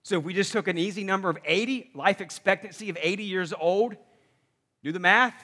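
A man preaching a sermon to a congregation, energetic and conversational, with humorous asides. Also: high-pitched, a little fast, big-room sound. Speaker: pastor. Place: church sanctuary.

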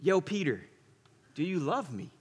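A man voicing a calm male teacher in a sermon, speaking gently and asking questions. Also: fairly high pitch, measured pace, slightly rough, full character voice. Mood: gentle. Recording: long hall reverb.

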